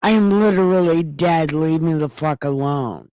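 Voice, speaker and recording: A woman's voice: low-pitched, moderate pace, dark tone, no echo, close to an everyday voice. A woman doing a grumpy old prophet's ghost. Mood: annoyed. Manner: irritated, dismissive.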